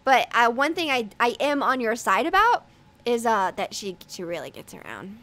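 A woman's voice: a little high, very animated, moderate pace, a bit bright. A young woman hosting a gaming channel, chatting and playing in a bubbly, dramatic, mock-offended way. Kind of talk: casual gaming commentary.

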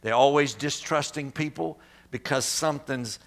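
A middle-aged pastor preaches a sermon and tells a story, using animated sound effects and acted-out quotes. He speaks at medium pitch and a moderate pace.

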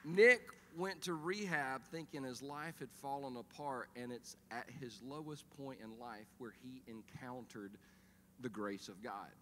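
A middle-aged man preaching a sermon as pastor, telling stories in an animated, humorous way. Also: mid-range voice, unhurried, a little hiss or hum. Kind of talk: sermon with storytelling. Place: church auditorium. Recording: reverberant church hall.

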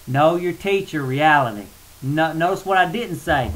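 A man's voice: fairly high pitch, animated, moderate pace, hardly any pauses, a bit bright, rough recording. A man ranting in a blunt, colloquial way in a casual video monologue, getting worked up and then apologizing. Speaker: spiritual vlogger. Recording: faint hiss.

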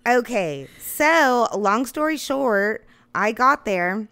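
Her pitch fairly high and her tone clean, this guest storyteller is a woman in her thirties recounting a long, funny story in a relaxed way. She's animated, swears a lot, and breaks into laughter along the way.

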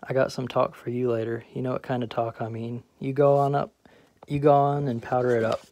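A man's voice: mid-range voice, little pitch movement, fairly quick, darkish tone, natural voice. A man voicing a brash, boastful middle-aged man who teases and tells tall stories, in a play audiobook. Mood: teasing. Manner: swaggering, teasing, storytelling. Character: Troy, brash boastful middle-aged male garbage collector.

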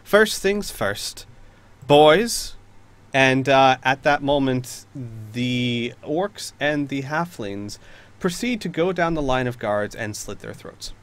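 A man narrating a tabletop role-playing game as game master, halting with many restarts. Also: mid-range voice, a bit bright.

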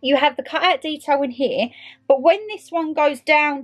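A young British woman chatting excitedly to viewers and to her clothes in a casual haul video. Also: high voice, unhurried. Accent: British English. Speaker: vlogger. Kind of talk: casual try-on haul chat.

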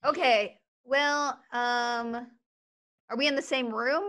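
A woman's voice: fairly high pitch, fairly even intonation, takes it slowly, fairly bright tone. A woman playing a tabletop game, chatty and full of questions about the scene. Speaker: player.

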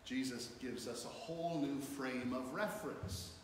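In a church sanctuary, a pastor delivers a sermon, reading scripture aloud with building emphasis. He speaks at a measured pace in a mid-range voice, and the echoey hall carries faint room noise.

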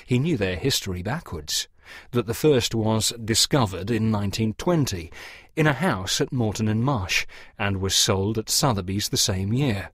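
A man narrating an audiobook story for English learners, reading in a measured, expressive way. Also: on the low side, breathy edge, no echo, clean studio sound.

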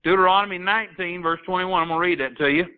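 A Texas pastor with a high, clear, resonant voice preaches a sermon at a fast clip. He rises into emphatic bursts and quotes scripture in old-fashioned wording, heard over a tinny phone line.

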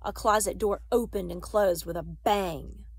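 Woman narrator, measured storytelling, dry close mic, mid pitch. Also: slightly rough, no echo. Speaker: audiobook reader. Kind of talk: reading a children's novel aloud.

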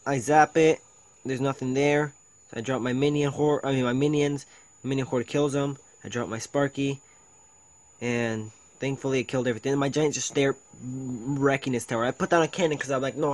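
A man narrates a game replay in loose, casual play-by-play, often quoting his own thoughts aloud and padding with ums. His voice sits at an ordinary middle pitch for a man. The close mic gives a dry, deadened sound. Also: steady tone, moderate pace, no echo, poor audio. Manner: chatty play-by-play with frequent ums and self-quotes. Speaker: video host. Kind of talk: casual gameplay commentary over a replay.

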